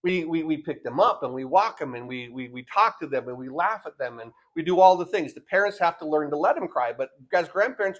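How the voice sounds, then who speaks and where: An older man with a high-pitched voice delivers a Sunday sermon. He leans on rhetorical questions and often repeats words as he goes. He slips into the voices of the people he quotes. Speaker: pastor.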